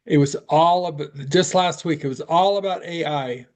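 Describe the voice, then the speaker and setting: A man's voice: fairly high pitch, moderate pace. An older man chatting casually in an online class, rambling and trailing off mid-sentence. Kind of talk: casual chat.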